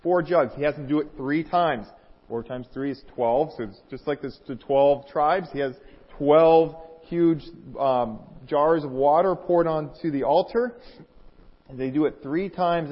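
A man preaching a sermon as a guest speaker, retelling a scripture story with lively asides and mocking emphasis. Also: fairly high pitch, moderate pace, big-room sound, dull audio.

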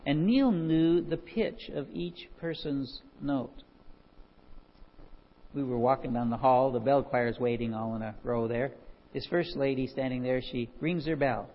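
Husky male preacher in a big echoey hall. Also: mid-range voice, dull audio. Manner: animated storyteller, chuckles often. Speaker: pastor. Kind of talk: sermon with scripture reading.

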